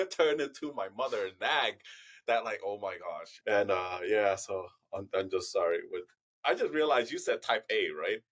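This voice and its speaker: A man's voice: on the low side, animated, moderate pace, fairly bright tone. A man in his thirties, a podcast co-host telling funny stories in casual chat, laughing often.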